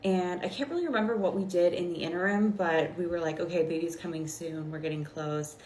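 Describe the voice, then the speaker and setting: A woman's voice: fairly low pitch, brisk. Chatty young woman in a roomy space. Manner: chatty, filler-heavy, animated retelling. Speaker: vlogger. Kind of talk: casual storytime while doing makeup. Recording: roomy with faint background noise.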